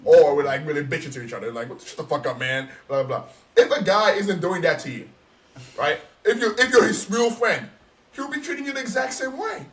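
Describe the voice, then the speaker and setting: Guy ranting on a podcast, kinda high voice, swears a lot, bit far from the mic. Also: a little fast. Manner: animated, profane, emphatic. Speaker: podcast co-host. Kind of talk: casual podcast chat.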